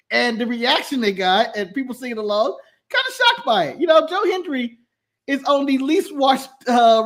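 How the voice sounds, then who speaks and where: A man hosting a livestream, chatting casually about wrestling with animated, sarcastic remarks and casual swearing. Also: very high voice. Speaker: podcast host.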